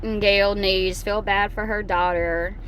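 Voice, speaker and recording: A woman's voice: medium pitch, fairly even intonation, slow pace, a bit bright, slight background noise. A woman in her thirties giving casual reaction commentary, blunt and mocking, reading live chat aloud. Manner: blunt, mocking, repeats short jabs.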